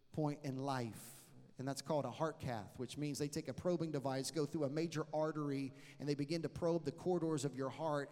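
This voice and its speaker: Male preacher with a fairly high voice, lively and joking as he acts out dialogue, heard in a reverberant hall. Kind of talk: sermon with storytelling.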